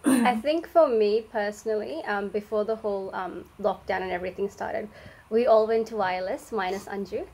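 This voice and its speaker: A young Australian woman co-hosting a faith podcast, reflecting in an easygoing way with frequent pauses. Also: medium pitch, a little mellow, husky, poor audio. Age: young adult. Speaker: podcast co-host. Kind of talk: casual faith chat.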